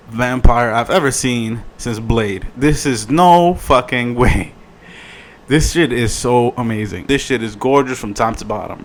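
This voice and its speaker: Profane, animated man reviewing a show. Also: mid-range voice. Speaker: video reviewer. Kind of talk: casual review vlog.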